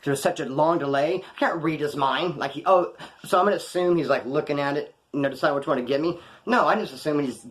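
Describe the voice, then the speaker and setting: With a fairly high pitch and a quick pace, this California man tells prison stories to camera in a casual, slangy way. He's lively and acts out the words of the people in his stories.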